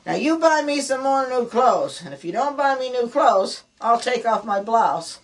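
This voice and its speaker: An older woman voicing a nagging wife in a burlesque sketch who makes loud, demanding threats. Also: mid-range voice, lively intonation, moderate pace, lightly acted, rough recording. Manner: demanding, ranting. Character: angry sketch wife nagging her husband.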